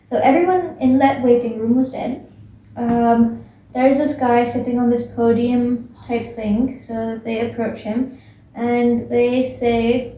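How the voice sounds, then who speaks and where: A woman's voice: a little high, fairly even intonation, slow pace, warm tone, slight background noise. A young woman casually retelling a book's plot, rambling with many fillers and restarts. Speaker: book recap vlogger. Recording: echoey room, voice from a distance.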